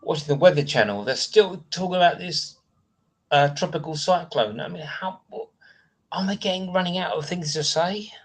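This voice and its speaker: A man's voice: fairly high pitch, moderate pace. A man with a British accent hosting a casual live stream, rambling and chatting as he answers viewer comments between asides.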